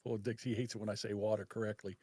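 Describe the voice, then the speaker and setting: A man's voice: fairly low pitch, little pitch movement, very fast, a little mellow, breathy edge, no room sound, clean studio sound. A man, hosting a casual live stream, rambling and laughing often. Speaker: host.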